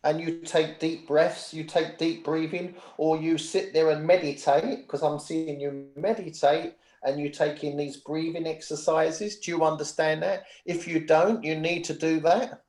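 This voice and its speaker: Male medium giving readings, slightly high voice, echoey home room, keeps asking if you follow. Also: fairly even intonation, measured pace, few pauses, darkish tone. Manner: chatty, checks in with the sitter often. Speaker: spiritual medium. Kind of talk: giving readings at a spiritual service.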